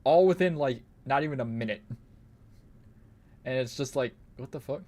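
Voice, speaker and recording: While playing on stream, this young man keeps up loose, profane commentary, drifting from thought to thought and laughing a lot. He talks at a normal speed in a mid-range voice that's a little mellow.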